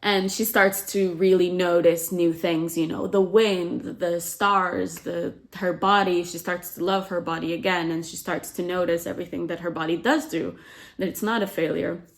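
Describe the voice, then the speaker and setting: Speaking at normal speed in a fairly low, steady voice with vocal fry, a woman retells a novel's story as a book summary host. She keeps it chatty, leans heavily on "like," and quickly acts out quotes from the characters.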